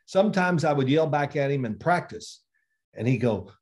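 A man's voice: a little high, normal speed. A man in his sixties, a former quarterback, telling stories in a casual interview and acting out the exchanges he quotes. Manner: animated storyteller, acts out quoted exchanges. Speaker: former NFL quarterback guest.

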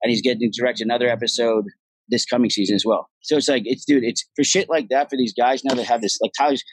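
A man being interviewed as an actor guest, telling stories in a casual, profane, animated way and acting out what others said. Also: medium pitch, fast, breathy edge, no room sound, poor audio.

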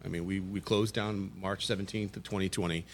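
A man's voice: sits low, steady tone, a little fast. A man co-hosting a podcast, talking earnestly and a little hesitantly in casual chat. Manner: earnest, hesitant, repeats words. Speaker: podcast co-host.

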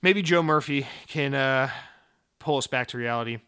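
A man's voice: mid-range voice, normal speed, pushed and bright, clear, resonant tone. A man hosting a podcast, reading listener mail and answering with profane, jokey rants of mock outrage. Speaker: podcast host.

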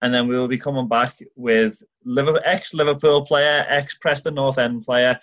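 Irish male podcast co-host, lively storyteller, dull lo-fi recording. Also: mid-range voice, moderate pace, no echo. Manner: enthusiastic, animated storytelling with acted-out quotes. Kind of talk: casual football chat.

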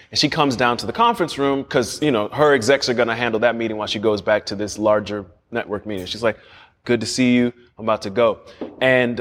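A man who is a guest telling stories in a casual interview, animated, often restarting sentences and acting out what others said. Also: medium pitch, big-room sound. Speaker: guest, series creator. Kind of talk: casual storytelling.

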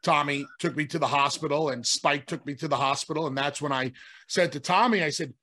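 A man's voice: a little high, a little fast, bright, forceful tone. A middle-aged man, a podcast co-host, telling rambling stories in casual chat, often restarting his sentences. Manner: rambling, restarts, self-interrupting. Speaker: podcast co-host, former wrestler. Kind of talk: casual storytelling.

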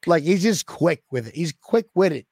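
A man on a sports podcast talks in loose, excited bursts and keeps tossing in "like" as he goes. His voice sits a bit high with a gravelly rasp. The recording is dry and close. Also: moderate pace, dry recording. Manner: rambling, excitable, lots of "like". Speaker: podcast co-host. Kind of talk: casual sports chat.

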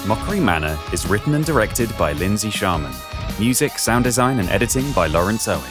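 A man reading the podcast credits in a measured, plain way. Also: lowish voice, sing-song, over music. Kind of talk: read credits.

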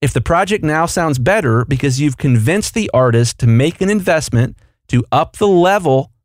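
A man's voice: a little high, lively intonation, moderate pace, no room sound, clean studio sound. A man co-hosting a podcast, explaining and coaching in casual chat. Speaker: podcast co-host.

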